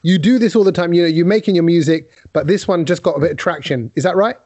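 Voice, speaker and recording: A man's voice: fairly high pitch, quick pace, dark tone, no echo. A British man hosting an interview, asking questions in a playful, jokey way. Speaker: host. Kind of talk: casual interview chat.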